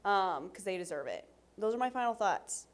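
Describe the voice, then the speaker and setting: A woman's voice: mid-range voice, lively intonation, moderate pace. A young woman co-hosting a podcast in casual chat, emphatic and chatty. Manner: chatty, emphatic, wraps up with "final thoughts". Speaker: podcast co-host.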